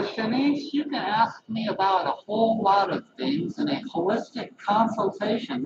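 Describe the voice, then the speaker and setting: Slow-talking animated man with lively pitch. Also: dull audio, very noisy. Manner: chatty, animated, laughs at own jokes. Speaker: holistic health practitioner, live stream host. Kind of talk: casual live-stream monologue.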